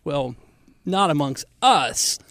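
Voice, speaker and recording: A man co-hosting a podcast in casual chat, telling stories earnestly and warmly, with lots of filler words. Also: a little high, lively intonation, takes it slowly, vocal fry, no echo. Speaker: podcast co-host.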